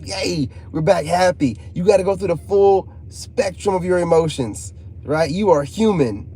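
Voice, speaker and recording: Hosting a casual live stream, a man with a warm, fairly high voice jokes around with his audience. He keeps things laid-back and reads the chat aloud.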